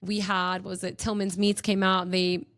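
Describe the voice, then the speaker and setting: A woman's voice: mid-range voice, level tone, normal speed, a bit bright, no echo, clean studio sound. A young woman hosting a podcast, telling stories in a bubbly, gushing way with lots of giggles. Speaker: podcast host. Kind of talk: casual chat.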